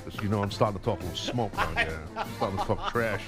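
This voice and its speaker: A man's voice: fairly low pitch, very fast, loud music behind the voice. A man co-hosting a sports radio show, rambling in casual chat, laughing often and talking trash about his lead.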